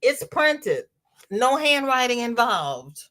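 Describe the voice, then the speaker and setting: A woman in her sixties hosting a casual crochet livestream, chatting warmly with viewers and greeting them by name as she reads the chat. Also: on the high side, sing-song, slow pace. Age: 60s.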